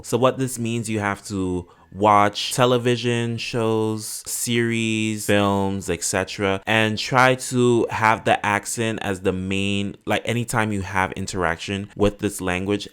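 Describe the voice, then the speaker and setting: A man with a very low, deep voice teaches in an educational explainer video. He talks like an English educator and sets out each idea with an example, step by step. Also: a bit bright, smooth. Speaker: English educator and linguistics specialist.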